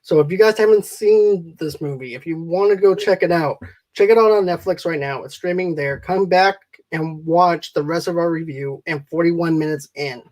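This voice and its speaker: High-voiced man chatting about movies. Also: normal speed, low-quality recording. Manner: animated retelling of scenes with quoted lines. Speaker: podcast co-host. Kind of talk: casual movie review chat.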